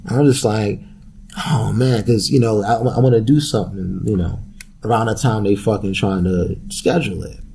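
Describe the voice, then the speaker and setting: A man's voice: on the low side, steady tone, normal speed, gravelly, dark tone, slight background noise. A young man hosting a podcast, ranting casually with loose street slang, profanity and laughter. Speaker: podcast host.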